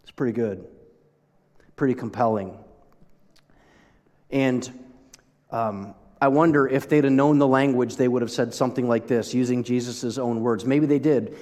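A man's voice: medium pitch, fairly even intonation, moderate pace, long pauses, a little mellow. A man preaching a sermon as pastor, talking conversationally and asking the audience questions. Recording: long hall reverb.

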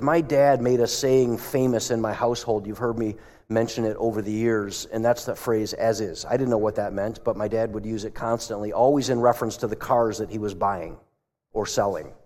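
Male pastor preaching, chatty storyteller, mid-pitched voice, lots of big hall echo. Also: normal speed, a little mellow. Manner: conversational storytelling, asks the congregation questions. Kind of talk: sermon. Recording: long hall reverb.

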